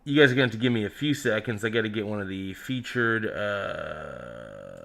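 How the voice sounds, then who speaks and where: A man's voice: fairly low pitch, lively intonation, normal speed, gravelly, fairly bright tone. A young man hosting a casual livestream, reading out chat comments with joking, teasing banter. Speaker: livestream host.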